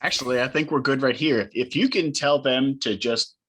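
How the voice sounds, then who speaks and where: A man playing a tabletop game who gives quick, dry replies. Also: mid-range voice, a loud crowd. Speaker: player. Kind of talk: casual tabletop play.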